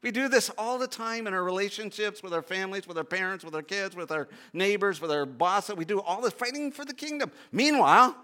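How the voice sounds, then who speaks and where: A man preaching a sermon, reading scripture aloud and then expounding it with rhetorical questions, swinging from loud emphatic bursts to low, hushed pleading. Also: expressive, fairly quick, few pauses.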